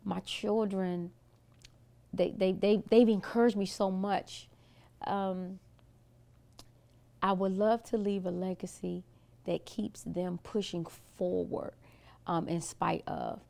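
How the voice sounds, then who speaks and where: Middle-aged woman, pastor guest, earnest storyteller, some vocal fry. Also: medium pitch, fairly even intonation, slow, pauses often, dark tone. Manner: earnest, storytelling, frequent restarts. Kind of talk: casual interview talk.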